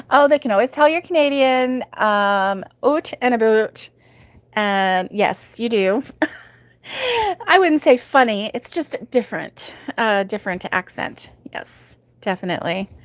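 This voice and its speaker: A woman's voice: fairly high pitch, very animated, takes it slowly, dry recording. A woman hosting a crochet livestream from home, chatting casually and giggling often as she reads viewer comments. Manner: chatty and giggly, with many ums.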